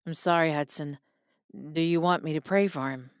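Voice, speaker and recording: Give me a woman doing a calm, patient pastor in a storybook. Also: sits low, normal speed, clean tone, no room sound, clean studio sound. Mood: gentle. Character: calm gentle male pastor.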